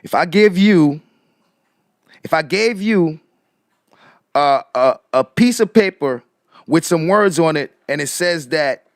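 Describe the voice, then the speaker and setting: A man hosting casual live commentary, repeating rhetorical questions to his viewers and shouting out people in the chat. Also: fairly high pitch, animated, slow pace, long pauses, no echo, clean studio sound. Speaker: commentary streamer.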